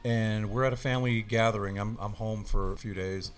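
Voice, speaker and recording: Lively man telling a funny story. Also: lowish voice, fairly quick, faint music behind. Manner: animated, acts out voices, laughs often. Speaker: podcast guest. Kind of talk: casual storytelling.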